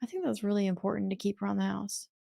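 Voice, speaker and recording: A woman's voice: medium pitch, steady tone, very fast, vocal fry, warm tone, no echo, clean studio sound. A woman co-hosting a podcast in casual chat, adding short, agreeing remarks. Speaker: podcast co-host.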